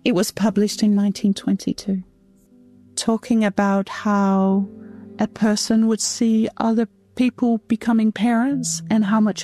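A middle-aged woman being interviewed about becoming a mother, speaking in a halting, emotional, reflective way. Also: medium pitch, mellow. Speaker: interviewee, mother of a donor-conceived child.

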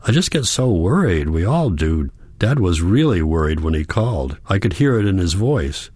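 A man's voice: deep voice, sing-song, moderate pace, a little mellow, husky, dry recording, studio quality, exaggerated voice. A man reading the part of a worried, caring young granddaughter in an audiobook, with an earnest, pleading manner.

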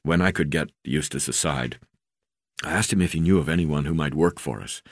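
A man reads his own memoir aloud, stumbling now and then over hesitations and restarts. His voice sits very low and deep. The recording is dry and close, with no room sound. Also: fairly quick, dry recording. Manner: unpolished reading, frequent "uh" fillers and restarts. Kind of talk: memoir narration read aloud.

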